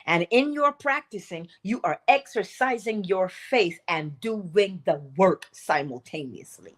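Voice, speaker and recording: Animated woman hosting a morning livestream. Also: mid-range voice, unhurried. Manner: animated, laughing, emphatic. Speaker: host. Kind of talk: inspirational morning livestream talk.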